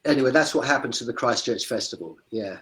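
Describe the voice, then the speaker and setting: A man's voice: medium pitch, lively intonation, quick pace, a bit bright, low-quality recording. A man on a video call, a street performer talking through his career in a chatty, digressive way. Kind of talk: casual video-call interview.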